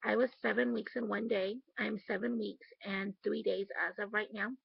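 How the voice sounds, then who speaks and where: A woman's voice: mid-range voice, steady tone, moderate pace, gravelly, breathy edge, no echo, muffled recording. A woman talking in a casual video diary at home late at night, candid and emotional, swearing casually. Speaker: vlogger.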